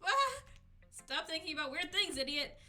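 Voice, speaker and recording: A woman's voice: sits high, moderate pace, bright, forceful tone, soft background music, pitched above the performer's own voice. A woman putting on a squealing, bubbly schoolgirl. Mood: excitable. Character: bubbly cheerful teenage schoolgirl, clingy. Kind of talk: voicing a visual novel character on stream.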